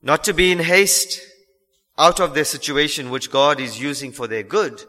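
A man delivers a sermon in a bright, forceful voice on the high side, keeping a steady tone at normal speed. Earnest and emphatic, he presses listeners with rhetorical questions while his voice rings through a church hall with a long reverb tail.

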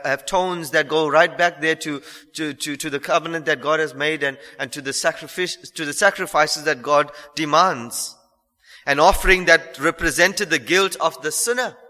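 Bright-voiced man preaching in a reverberant hall. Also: a little high. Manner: earnest, repeats phrases for emphasis, slows on key lines. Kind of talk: sermon.

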